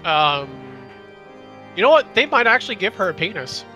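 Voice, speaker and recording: A man's voice: sits high, sing-song, normal speed, bright, forceful tone, soft background music. A man in his twenties chatting casually during a game stream, wry and joking, rambling with fillers. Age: 20s. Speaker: gamer streaming with a friend. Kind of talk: casual gaming chat.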